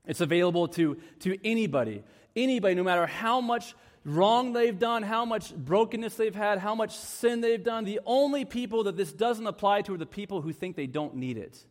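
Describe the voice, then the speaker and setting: A man preaching a sermon with earnest conviction, often dropping into soft, hushed tones to stress a point. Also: fairly high pitch, big-room sound. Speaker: pastor.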